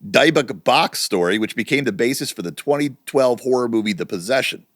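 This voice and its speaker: A middle-aged man co-hosting a casual podcast, telling stories with lively energy and free swearing. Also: medium pitch, a little fast, no echo, clean studio sound. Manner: animated storytelling, swearing freely. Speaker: podcast co-host. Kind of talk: casual chat.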